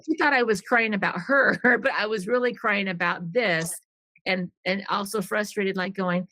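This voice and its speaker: A woman's voice: mid-range voice, moderate pace, pushed and bright, no room sound. Earnest middle-aged woman, candid storytelling. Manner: earnest, rambling, often restarts and acts out quoted dialogue. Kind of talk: candid personal storytelling in a podcast conversation.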